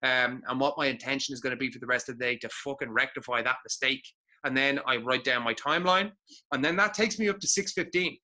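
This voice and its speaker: Bright-voiced, foul-mouthed motivational man. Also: medium pitch, quick pace. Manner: blunt, heavy swearing, emphatic repetition. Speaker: podcast co-host. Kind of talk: motivational podcast talk.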